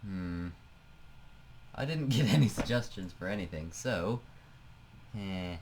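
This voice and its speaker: A man's voice: low voice, animated, slow, a little mellow, slight background noise. A man giving casual, chatty commentary over a flight-sim game, thinking aloud and trailing off as he clicks through menus. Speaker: let's play host.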